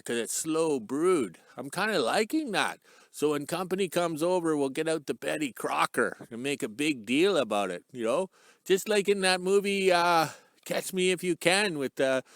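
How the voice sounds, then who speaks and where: A middle-aged vlogger from Canada, hosting his channel, ad-libs a jokey, talkative intro that keeps drifting off topic. He's outside in the cold sun with a handheld camera on a stick, and his voice is a little high and fairly bright, with no room sound.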